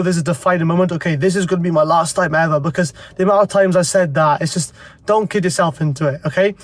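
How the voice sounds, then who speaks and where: A man's voice: high-pitched, dry recording. A young man with a blocked-up nose from a cold, giving blunt, profane advice to the camera in a casual, rambling way. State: congested from a cold. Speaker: self-improvement vlogger.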